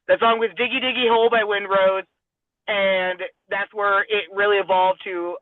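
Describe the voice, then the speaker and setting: A woman's voice: medium pitch, steady tone, moderate pace, dry recording. A woman from Southern California, a professional wrestler guest, telling a long story casually and acting out the other people's lines with a laugh now and then. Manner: rambling, acts out quoted dialogue, laughs often. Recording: tinny phone-like dry sound.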